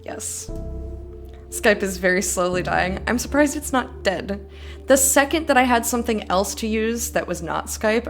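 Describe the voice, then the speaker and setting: A woman's voice: mid-range voice, unhurried, faint music behind. A young woman streaming a game, reading in-game emails aloud and adding chatty, giggly asides. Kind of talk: let's play commentary, reading game text aloud.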